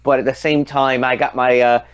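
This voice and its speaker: A man from the United States, co-hosting a casual podcast chat and telling stories in an animated way over a remote call. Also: medium pitch, moderate pace, smooth, dull audio. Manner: animated storyteller acting out quotes. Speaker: co-host.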